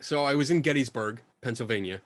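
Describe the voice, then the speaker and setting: A middle-aged man, a guest on a podcast, telling a story from his own life in a lively, self-mocking way and acting out what people said. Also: medium pitch, quick pace, dry recording, clean studio sound. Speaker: guest, skeptical paranormal investigator. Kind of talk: casual storytelling in a podcast interview.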